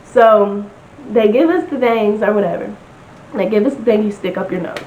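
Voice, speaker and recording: A young woman chatting casually on a storytime vlog, telling her story with lots of "like" and quoting people in animated bursts. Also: medium pitch, normal speed. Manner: chatty, lots of "like", animated retelling with quoted voices. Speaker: vlogger. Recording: roomy, slightly dull home recording with noise.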